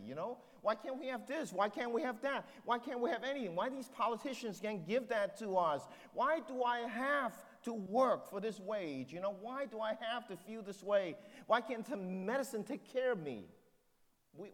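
A man's voice: high voice, big-room sound. A man preaching a sermon as pastor, driving points home with rhetorical questions.

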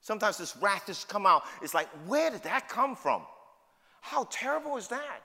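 A man's voice: sits high, big pitch swings, moderate pace, pushed and bright. A middle-aged man with a New York City accent preaching a sermon, emphatic and full of rhetorical questions. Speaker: pastor. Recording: long hall reverb.

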